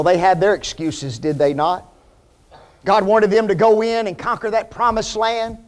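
High-voiced man preaching a sermon. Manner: emphatic, rhetorical questions to the congregation.

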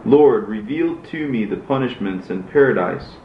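A man voicing a grieving male prophet who pleads with God, in a measured, solemn reading. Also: medium pitch, animated, slight background noise, natural voice. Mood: pleading. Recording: roomy, dull lo-fi recording.

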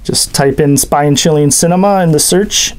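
A man's voice: on the high side, normal speed, smooth. A man hosting a horror movie show, chatting casually and joking with a co-host off mic. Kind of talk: casual commentary.

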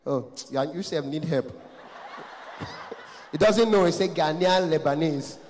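Nigerian comic roasting the crowd, high lively voice, big echoey hall. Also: male voice, takes it slowly, a little hiss or hum. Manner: loud, animated, teasing, laughs often. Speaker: stand-up comedian. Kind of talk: live stand-up comedy with crowd work. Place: large concert hall stage. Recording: echoey hall, live stage.

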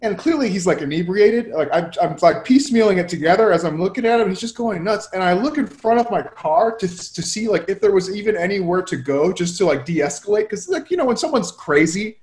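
Man co-host with a high voice, casual storyteller, roomy webinar sound. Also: animated, brisk, few pauses, darkish tone. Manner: loose and rambling, with lots of filler "like". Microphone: webinar video call.

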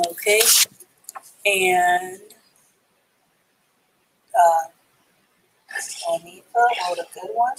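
A woman's voice: fairly low pitch, extremely slow, pauses often, a little hiss or hum, poor audio. A woman teaching a live online reading class, sounding out and spelling words letter by letter.

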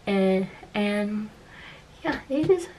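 A woman talking in a casual vlog, upset and close to tears, halting and repeating herself and often dropping into soft whispers. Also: mid-range voice, animated, slight background noise, rough recording. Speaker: vlogger.

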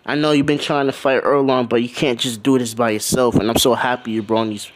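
A man's voice: medium pitch, steady tone, brisk, natural voice. A man voicing an eager young woman navigator. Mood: grateful. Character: young female navigator, grateful and affectionate.

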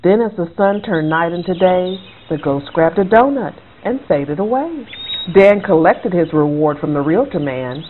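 A woman's voice: on the low side, normal speed, a little hiss or hum. Woman reading a bedtime story, tinny sound. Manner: expressive, rhythmic read-aloud delivery. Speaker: author reading her own book. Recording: tinny phone-like sound, faint music.

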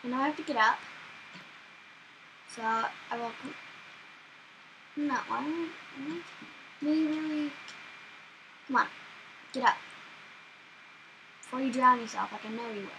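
A woman's voice: high-pitched, unhurried, pauses often, bright, forceful tone, slight background noise, low-quality recording. A young woman giving casual let's play commentary as a gaming channel host, jumpy and easily frightened, repeating anxious pleas. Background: dog whining and barking.

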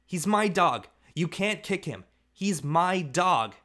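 A man reading an audiobook, voicing a small boy who yells fiercely to protect his dog. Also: high voice, animated, slow pace, voice pushed up, heavily acted. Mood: defiant. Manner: yelling, fierce.

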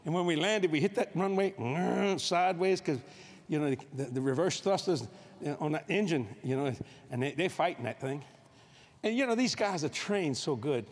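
A man's voice: fairly high pitch, expressive, normal speed. A middle-aged man preaching a humorous sermon on a convention stage, acting out scenes with sound effects. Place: convention stage before a live audience.

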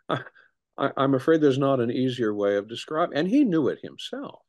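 Animated male historian telling stories. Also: mid-range voice, normal speed. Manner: animated storyteller, frequent restarts. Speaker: historian, interview guest. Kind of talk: conversational interview.

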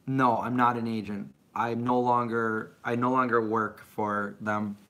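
A man's voice: mid-range voice, level tone, a little slow, a bit bright. A middle-aged man rambling casually as he answers viewer questions on a live stream. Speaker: vlogger answering live chat.

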